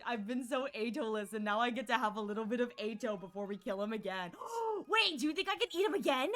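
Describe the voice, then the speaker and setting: High-pitched woman streamer, gushing and excitable, live gameplay commentary over quiet music. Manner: giddy, gushing, fast reactions and gasps.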